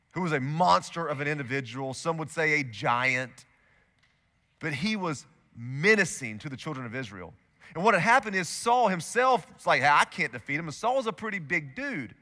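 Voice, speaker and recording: A man preaching a sermon as a pastor, telling a story in a lively way and acting out its quotes. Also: a little high, long reverb tail. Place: church auditorium.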